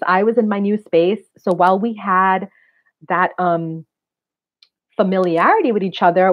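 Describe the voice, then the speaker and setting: In her forties, this woman runs a wellness center and works as a spiritual reader, and here she chats earnestly and casually with her live-stream viewers, speaking right to them. Her pitch sits in the middle, and the audio has a thin, tinny, phone-like quality.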